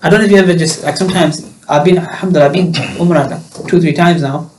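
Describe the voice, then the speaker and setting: A man's voice: a little high, fast talker, darkish tone, slight background noise. A man hosting a casual chat, eager and chatty as he shares his own experience. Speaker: host.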